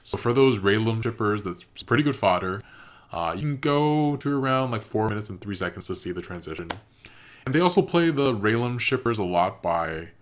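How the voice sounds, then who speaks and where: A man hosting a reaction video, giving casual, thoughtful commentary and analysing what he has watched. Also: lowish voice.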